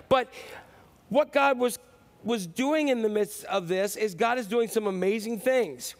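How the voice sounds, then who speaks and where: A male pastor preaching a sermon in a loose, conversational way, full of fillers and animated asides. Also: high-pitched, a little slow.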